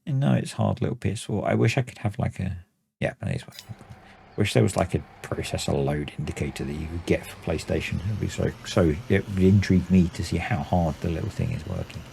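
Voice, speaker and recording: A man in his forties chatting casually and rambling while commenting on his own gameplay, in a voice he calls usually monotone. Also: low voice, fairly quick, gravelly, slight background noise. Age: 40s. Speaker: gaming channel host. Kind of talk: casual let's-play commentary.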